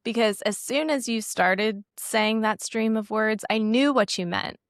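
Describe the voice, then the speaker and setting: A woman's voice: on the high side, measured pace, no room sound, studio quality. A woman co-hosting a podcast, chatting in an opinionated, teasing way. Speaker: podcast co-host. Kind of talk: casual podcast chat.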